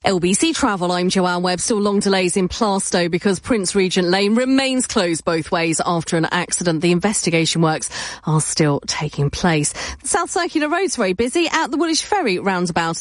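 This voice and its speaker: A woman reads a radio travel bulletin briskly and clearly. Her voice sits in the middle of the range and sounds dry and close to the mic. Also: medium pitch, no echo. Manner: brisk, informative. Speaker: traffic reporter.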